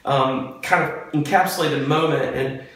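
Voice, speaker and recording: A man's voice: a little high, a little slow, heavy reverb. A man, a pastor, talking casually and earnestly about faith in a devotional vlog, recorded on a porch. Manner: earnest and excited, preacherly. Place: on a front porch.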